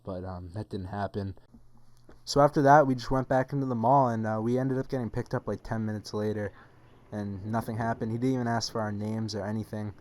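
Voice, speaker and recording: A man's voice: lowish voice, slight background noise. A young man telling a story for his video channel in a casual, rambling, profane way, full of "like" and "um". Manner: rambling, profane, filler-heavy retelling. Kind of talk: casual story-time monologue.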